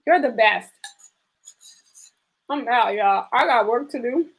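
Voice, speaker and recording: A woman fitness trainer chatting casually on a live stream, answering viewers and filling pauses with "you know" and "um". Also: a little high, expressive, husky. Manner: chatty, reads and answers viewer comments, frequent fillers.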